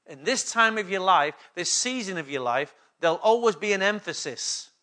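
A man's voice: high-pitched, expressive, moderate pace, bright, forceful tone. A man preaching a sermon as pastor of his church, emphatic and repetitive, often checking in with the congregation. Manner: emphatic preaching with repeated call-and-response questions.

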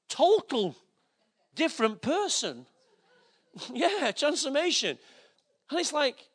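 Very high-voiced man preaching. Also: wildly swooping pitch, takes it slowly, long pauses, fairly bright tone, husky. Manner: conversational, joking preaching with asides to the audience. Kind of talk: sermon.

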